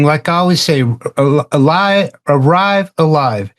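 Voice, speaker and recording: Man telling a halting anecdote. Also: on the high side, lively intonation. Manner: halting, repeats words while telling an anecdote. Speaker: roundtable participant. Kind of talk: casual discussion, storytelling.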